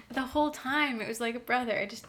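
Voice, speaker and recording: Woman cohost, kinda high voice, giggly casual book chat. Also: very noisy. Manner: laughs often, reads book passages aloud quickly. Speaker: podcast co-host. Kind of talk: casual chat about books.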